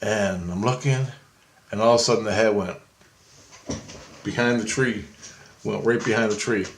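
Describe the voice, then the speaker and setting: Excitable man telling a story. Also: on the low side, moderate pace, a little hiss or hum. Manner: excited, rambling, swears freely. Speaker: vlogger. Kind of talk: casual storytelling.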